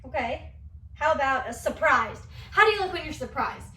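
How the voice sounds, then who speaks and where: A young woman dance teacher leading a children's movement class, coaxing and animated as she talks to young kids. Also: high-pitched, normal speed, far from the mic. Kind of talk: kids' movement class demonstration. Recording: echoey room, voice away from mic.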